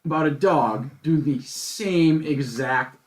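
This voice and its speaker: A young man co-hosting a podcast, loud and excitable in casual chat, often laughing. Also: fairly high pitch, slow pace. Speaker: podcast co-host.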